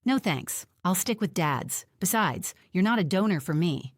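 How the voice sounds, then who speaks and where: A woman reading aloud, voicing an injured woman who speaks quietly and jokes through the pain. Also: on the low side, expressive, measured pace, no room sound, studio quality. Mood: dry teasing. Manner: quiet, joking under strain.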